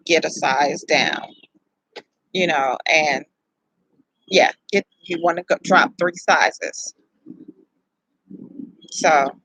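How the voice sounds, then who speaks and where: A young adult woman, telling a personal story to camera in a candid, profane, animated way. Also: lowish voice, no echo, poor audio. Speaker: vlogger.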